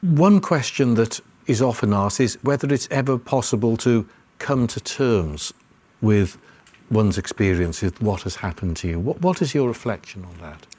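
A man asking interview questions in a measured, deliberate way. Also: fairly low pitch, animated, a little mellow, breathy edge.

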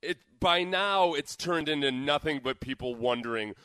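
A man's voice: on the high side, expressive, moderate pace, bright, forceful tone, smooth, no room sound. A man co-hosting a radio talk show, giving wry, opinionated takes in casual banter. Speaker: radio co-host.

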